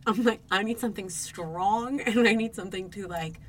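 A young woman co-hosting a podcast, telling a dating story in casual chat, animated and swearing, acting out her own reactions. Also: mid-range voice, moderate pace, a little hiss or hum. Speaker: podcast co-host.

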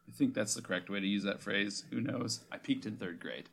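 A man's voice: lowish voice, brisk, creaky, fairly bright tone. A man co-hosting a comedy podcast, laughing often in playful back-and-forth banter. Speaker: podcast co-host. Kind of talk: casual comedic chat.

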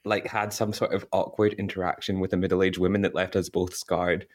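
Lower-voiced Scottish young man, rambling storyteller. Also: level tone, fairly quick. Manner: rambling storyteller, laughs mid-sentence. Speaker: podcast co-host. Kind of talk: casual chat.

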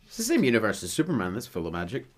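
Dry, lower-voiced man in casual chat. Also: wildly swooping pitch, rapid-fire. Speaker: podcast co-host.

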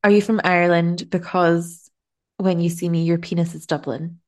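A tired woman co-hosting a podcast, talking in a loose, giggly way and swearing now and then. Her voice sits a little low for a woman. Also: fairly even intonation, moderate pace. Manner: chatty, giggly, swears casually. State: tired from travel. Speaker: podcast co-host. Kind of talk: casual chat.

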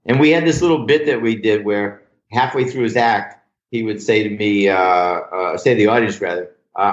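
A man's voice: fairly low pitch, fairly quick. Older guy telling old comedy gig stories, cusses a lot, echoey room, kinda muffled audio. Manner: animated anecdotal storyteller, swears freely. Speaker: comedy writer guest. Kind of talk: casual storytelling interview. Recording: roomy, dull lo-fi sound.

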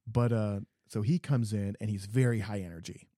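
Low, mellow-voiced Midwestern man telling a story. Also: moderate pace, no echo, clean studio sound. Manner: animated, acts out customers in quoted voices. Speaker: podcast co-host; garden center worker. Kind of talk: casual storytelling chat.

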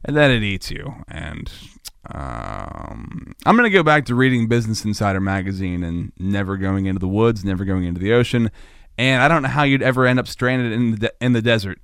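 A man hosting a solo comedic podcast, rambling goofily and jumping into high-pitched mock panic. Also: expressive, a little fast, creaky, fairly bright tone, clean tone, dry recording, clean studio sound. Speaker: podcast host.

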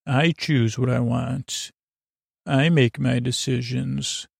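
A man voicing an earnest male engineer in a sleep story, explaining things with patient exasperation in his own gravelly voice. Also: medium pitch, fairly even intonation, takes it slowly, no echo, clean studio sound, heavily acted. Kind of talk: loose paraphrased quotes in a sleep story.

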